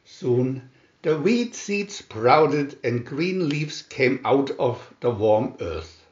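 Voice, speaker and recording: A man reading a children's storybook aloud in a lively storytelling manner. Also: medium pitch, extremely slow. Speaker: storybook reader. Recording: roomy, dull lo-fi home recording.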